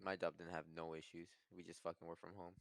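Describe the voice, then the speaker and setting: A man's voice: low voice, flat delivery, fast. A man in casual podcast chat, speaking bluntly and offhandedly with plenty of swearing.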